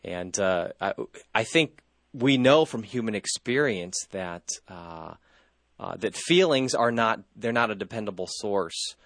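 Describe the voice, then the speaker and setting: Man, tired, low-pitched, halting, restarts often, dry room. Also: expressive, fairly bright tone, no echo. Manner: halting, many fillers and restarts. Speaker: guest answering a religious question. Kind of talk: casual spoken answer.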